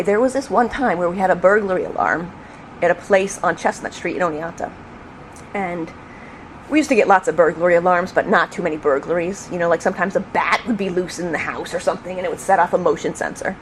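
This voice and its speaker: A middle-aged woman who was a police officer tells a story in an interview, acting out the shouts. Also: fairly low pitch, brisk. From New York State. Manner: lively, acts out the shouts. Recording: faint background noise.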